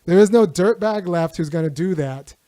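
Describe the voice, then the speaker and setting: A man's voice: sits high, normal speed, mellow, no echo, studio quality. A man hosting a political livestream, talking loosely with restarts and short laughs. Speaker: host.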